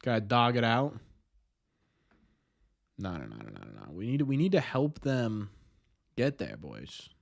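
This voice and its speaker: Young male streamer host, excitable and self-deprecating, lively pitch swings. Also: a little slow, gravelly, long pauses. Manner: excitable, self-mocking banter with chat. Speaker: livestream host. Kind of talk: casual live watch-party chat.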